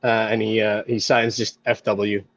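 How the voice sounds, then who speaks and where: A man's voice: fairly low pitch, flat delivery, normal speed, dry recording, lo-fi sound. A man playing a tabletop game, describing his character in a hesitant, rambling way. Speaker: player.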